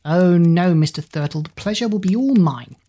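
A woman's voice: on the low side, expressive, normal speed, warm tone, breathy edge. A woman voicing a stern, bossy middle-aged headmistress, prim and commanding.

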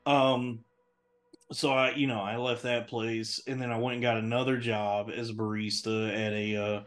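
A man's voice: mid-range voice, little pitch movement, moderate pace, a bit bright. A man, a podcast host, telling a long casual story in a rambling, profane way, full of restarts and fillers.

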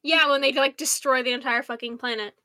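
A young American woman co-hosting a casual podcast, rambling excitedly and swearing freely. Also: sits high, brisk, no room sound. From United States. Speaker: podcast co-host. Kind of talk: casual fan chat.

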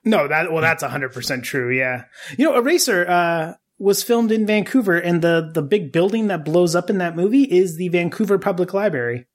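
A man telling a story on a casual podcast in an animated, joking way, laughing often. His voice sits a little high for a man. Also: fairly quick.

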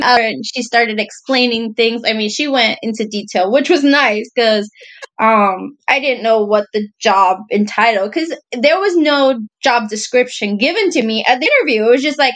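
A woman with a high voice talks in a chatty, easygoing way, laughing often as she tells the story. She calls her friend "girl" as she goes along. Her delivery is casual and conversational throughout. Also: normal speed, fairly bright tone. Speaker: podcast co-host.

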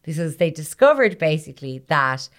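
A woman's voice: deep voice, big pitch swings, moderate pace. Chatty giggly woman telling a story. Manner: chatty, giggly storyteller acting out little scenes. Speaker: podcast co-host telling a history story. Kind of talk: casual chat.

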